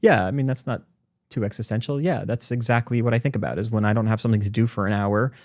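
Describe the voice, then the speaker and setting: Brief: man in his 40s, podcast guest, rapid-fire anecdotes, dry close mic. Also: lowish voice, dry recording. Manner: fast, animated storytelling. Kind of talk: podcast conversation. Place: recording studio.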